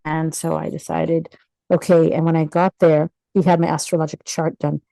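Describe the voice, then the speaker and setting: A woman's voice: low voice, moderate pace, creaky, dry recording, rough recording. A middle-aged woman, a physician guest, telling her story in a casual interview and acting out the voices of the people in it. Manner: animated, acts out quoted voices with laughter.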